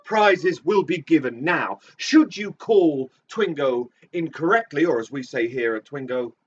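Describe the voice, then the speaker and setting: A man's voice: on the high side, animated, measured pace, breathy edge. A man hosting a live comedy game show in a playful, camp, theatrical way, from a small club stage. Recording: distant, dull lo-fi stream audio.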